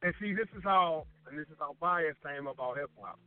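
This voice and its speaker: A man telling a casual story in chat, animated and acting out the voices of the people he quotes. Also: a little high, brisk, smooth, no echo. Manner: animated, acts out quoted lines. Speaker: guest DJ. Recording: tinny phone-line sound with faint music.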